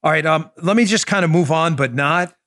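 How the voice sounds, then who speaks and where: A man hosting a political talk podcast, his voice sitting somewhat high for a man. He argues with emphatic indignation and speaks straight to his audience. The recording is close and dry, with almost no room sound. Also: brisk, a bit bright, no room sound. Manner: emphatic, indignant, addresses listeners directly. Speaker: podcast host. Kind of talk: political commentary show.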